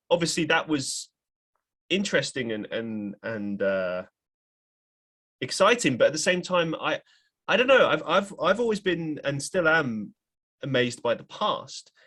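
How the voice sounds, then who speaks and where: A man's voice: medium pitch, fairly bright tone. A young man hosting a podcast, rambling and correcting himself often in casual talk. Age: young adult. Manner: rambling, frequent self-corrections and hedges. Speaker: podcast host. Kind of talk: casual chat.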